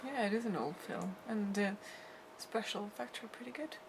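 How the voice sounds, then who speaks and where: A woman's voice: mid-range voice, normal speed, gravelly, slight background noise, low-quality recording. A young woman chatting casually about a film and chiming in as a co-viewer. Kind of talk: casual chat.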